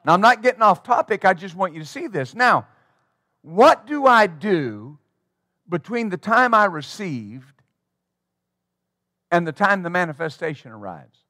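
A man's voice: sits high, very animated, unhurried, long pauses, sharp tone, no room sound, studio quality. A man preaching a sermon as pastor, emphatic and rhythmic, drawing call-and-response from his congregation.

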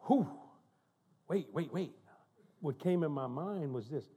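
Older preacher, husky and dark. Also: male voice, on the high side, a little slow. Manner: animated, joking, laughing asides. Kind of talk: storytelling sermon. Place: church sanctuary.

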